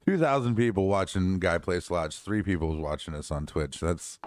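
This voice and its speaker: A man's voice: sits low, moderate pace, darkish tone, dry recording, studio quality. A man co-hosting a casual podcast, talking in a loose, joking, rambling way. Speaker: podcast co-host. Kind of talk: casual chat and sign-off.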